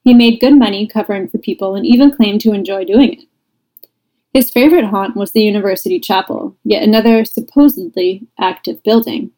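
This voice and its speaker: A woman's voice: mid-range voice, expressive, fairly quick, mellow, low-quality recording. A woman podcast host reading listener ghost stories aloud, breaking off for laughing asides.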